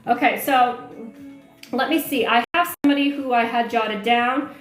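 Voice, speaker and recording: A woman with a fairly high voice hosts a casual livestream, chatting with viewers and answering their questions. She talks loosely, with many fillers. The room is echoey, and faint music plays underneath. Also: normal speed. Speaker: online marketing coach hosting a livestream.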